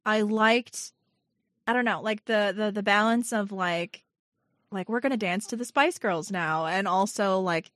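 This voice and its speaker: A woman's voice: mid-range voice, unhurried, a bit bright, no echo, studio quality. Hesitant woman in casual podcast chat. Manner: hesitant, many fillers. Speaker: podcast co-host.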